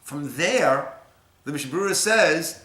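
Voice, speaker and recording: A rabbi leading a Torah class, telling stories and swinging between soft, hushed lines and emphatic ones. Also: male voice, on the high side, animated, a little slow, echoey room. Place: synagogue room.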